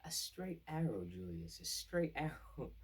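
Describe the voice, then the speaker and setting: A man putting on the voice of a scheming nobleman who hints at murder in a slow, sly way. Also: fairly high pitch, big pitch swings, slightly rough, far from the mic, voice pushed up, full character voice.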